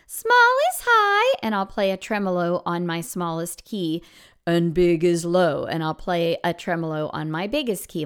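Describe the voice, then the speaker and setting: A woman music teacher talks through classroom activities in a smooth, clear voice. She explains each step in an encouraging way and jumps her voice high or drops it low to show the children's parts. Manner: lively, demonstrates with sudden high and low voice swoops. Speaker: elementary music teacher and podcast host. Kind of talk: instructional podcast talk.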